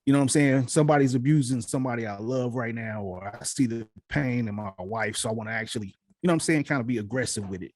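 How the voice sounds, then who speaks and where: A man's voice: mid-range voice, fast talker, few pauses, a little mellow, no room sound. Thoughtful conversational man, dry sound. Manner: reflective, conversational, repeats "so forth and so on". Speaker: podcast co-host. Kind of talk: casual chat.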